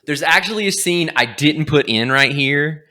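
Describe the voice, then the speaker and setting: A young man hosting a podcast, casually retelling a comic story and acting out its lines in quick quotes. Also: fairly high pitch, animated, sharp tone. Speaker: podcast host.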